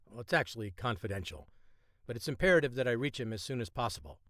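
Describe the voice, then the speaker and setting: A man's voice: medium pitch, animated, fast talker, fairly bright tone, no room sound, clean studio sound, close to an everyday voice. A man playing a terse, guarded spy.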